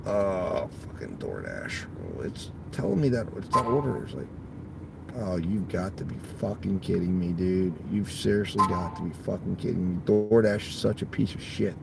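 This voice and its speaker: A man who drives for a delivery app, talking casually to viewers from his car, swearing freely and swinging between muttered grumbling and loud outbursts. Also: low-pitched, lively intonation, moderate pace, creaky, loud music behind the voice. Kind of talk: casual vlog while driving.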